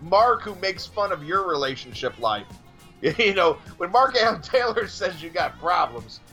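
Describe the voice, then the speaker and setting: A man talks loosely on a podcast, swearing constantly as he mocks and rants. His pitch swings widely from low grumbles to high bursts, and faint music sits under the talk. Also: big pitch swings, normal speed, bright, forceful tone. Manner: profane, ranting, mocking. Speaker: podcast host. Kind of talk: casual podcast banter.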